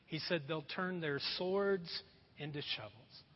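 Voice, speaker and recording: A man preaching a lively sermon as a pastor, acting out quick voices for laughs. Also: a little high, breathy edge. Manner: animated, acts out voices for laughs. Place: church sanctuary. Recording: echoey hall, dull sound.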